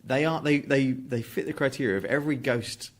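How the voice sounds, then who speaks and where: Male co-host, mid pitch, casual and thoughtful delivery. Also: brisk. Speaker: podcast co-host. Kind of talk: casual podcast chat.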